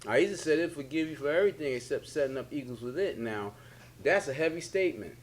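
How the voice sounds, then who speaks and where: Man preaching in a relaxed drawl. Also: on the high side, fast talker, slight background noise. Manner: preachy, repetitive, colloquial. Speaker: religious leader. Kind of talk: spiritual teaching in a sit-down talk.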